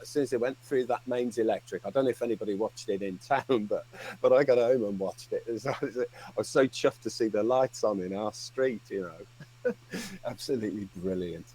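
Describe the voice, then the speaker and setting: A man's voice: lowish voice, a little fast, darkish tone, slightly rough, poor audio. A man telling a long, rambling story on a fan livestream, swearing and laughing as he goes. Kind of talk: casual storytelling.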